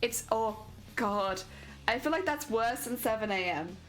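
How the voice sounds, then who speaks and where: Lively British woman chatting on stream. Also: a little slow. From Britain. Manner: chatty, greets viewers warmly, sing-song pitch jumps. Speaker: crafting streamer. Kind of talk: casual live-stream chat while crafting. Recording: faint music behind.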